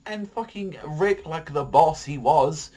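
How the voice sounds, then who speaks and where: A young man casually reviews a TV episode on his vlog, swearing constantly and rambling through heated opinions with plenty of fillers. His voice is fairly high, animated, slow, and mellow with a breathy edge.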